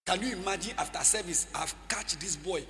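High, lively preacher in an echoey hall. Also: male voice, a little fast, a little hiss or hum. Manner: call-and-response preaching, often shouting and sing-song. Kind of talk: sermon. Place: church hall.

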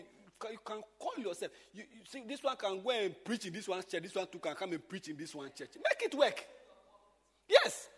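A man, a pastor teaching a church group informally, swinging from loud exclamations to quiet asides. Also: high-pitched, slightly rough, big-room sound.

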